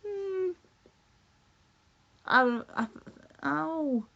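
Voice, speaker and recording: A woman's voice: high voice, expressive, very slow, creaky, a bit bright. A woman livestreamer in casual, rambling chat, reading out chat messages and laughing often. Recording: dull lo-fi stream audio.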